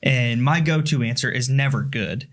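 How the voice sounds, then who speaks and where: A man's voice: medium pitch, moderate pace. A married man co-hosting a casual podcast, asking questions in a joking, self-deprecating way. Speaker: podcast co-host.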